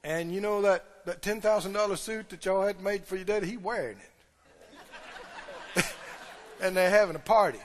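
A man preaching a sermon, telling the story with lively acted-out voices and swings between loud and hushed delivery. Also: sits high, normal speed, long pauses. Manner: storytelling, acts out quoted characters, shifts between loud and hushed. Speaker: pastor. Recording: long hall reverb.

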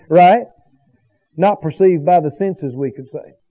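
A man with a high voice preaches slowly as pastor, the recording muffled. He builds toward emphatic bursts and calls out to the congregation for agreement in call-and-response asides.

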